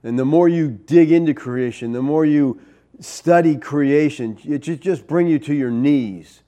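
A man preaching a sermon in an animated way, with rhetorical asides to the congregation. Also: on the high side, unhurried. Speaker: pastor.

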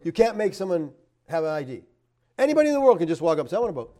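Pastor guy chatting thru viewer comments, mellow tone, laughs a lot, gets loud then drops way down. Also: sing-song, racing. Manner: chatty, laughs often, rises emphatic then drops low. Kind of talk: casual live-stream chat reading comments.

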